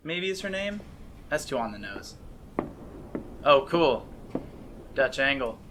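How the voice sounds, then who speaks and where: A man's voice: medium pitch, big pitch swings, slow, noisy background. A man with a Midwestern American accent from Ohio, hosting a casual reaction video, rambling enthusiastically and often interrupting himself. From Ohio, USA. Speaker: reaction video host, actor and filmmaker.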